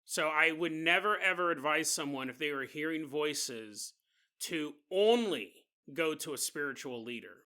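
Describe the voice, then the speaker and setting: A man hosting a podcast, telling a story in an animated, jokey way. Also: a little high, unhurried. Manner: animated and jokey, often laughing. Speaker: podcast host. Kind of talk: comedic storytelling.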